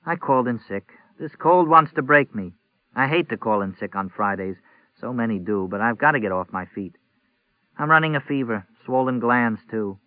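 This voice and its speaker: A man's voice: medium pitch, expressive, normal speed, no room sound, natural voice. A man voicing a sardonic, grumbling middle-aged mother who is sick with a cold. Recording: tinny phone-like audio.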